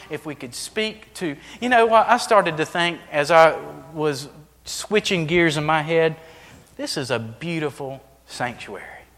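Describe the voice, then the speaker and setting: A man preaching a sermon as pastor, swinging between hushed, intimate lines and loud, emphatic ones. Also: on the high side, big-room sound. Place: church sanctuary.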